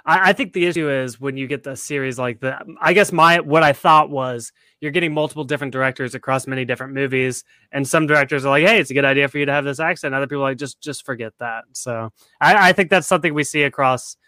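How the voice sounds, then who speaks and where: Guy cohosting a podcast, bright forceful voice, dry close sound, walking through theories. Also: mid-range voice, fast talker, hardly any pauses, dry recording. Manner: analytical, lays out theories step by step. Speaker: podcast co-host. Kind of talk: casual podcast chat.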